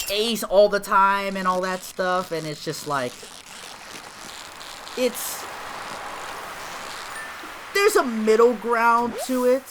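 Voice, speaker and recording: A man's voice: high-pitched, noisy background. A man in his thirties chatting casually while playing a farming game, rambling and joking with many fillers. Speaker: gaming video host.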